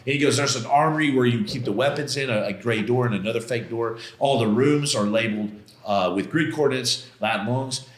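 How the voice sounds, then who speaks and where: A man's voice: medium pitch, brisk. Emphatic man telling his story, roomy sound. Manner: emphatic, casual, slangy, re-enacts his own outbursts. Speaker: podcast guest. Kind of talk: personal storytelling in a conversational interview. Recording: roomy echo.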